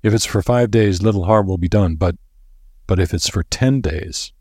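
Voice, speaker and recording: A man voicing a grim, solemn old professor with a deliberate way of speaking, in a read-aloud story. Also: deep voice, darkish tone, husky, no room sound, clean studio sound.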